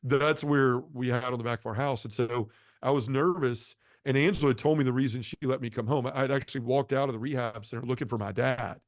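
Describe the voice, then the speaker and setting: Fast-talking, earnest middle-aged man. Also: mid-range voice, fairly even intonation, no echo, clean studio sound. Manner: earnest, heartfelt storyteller. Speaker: guest sharing a conversion testimony. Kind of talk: emotional personal testimony.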